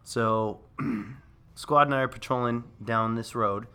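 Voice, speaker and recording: A man casually telling a war story on a podcast, profane and animated, laughing as he goes. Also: medium pitch, slow, clear, resonant tone. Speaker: veteran storyteller.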